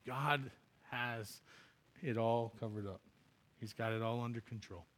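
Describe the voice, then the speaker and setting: A man's voice: medium pitch, steady tone, a little slow, fairly bright tone. A man preaching as a pastor, telling a funny personal story in a chatty way and laughing at himself before turning to scripture.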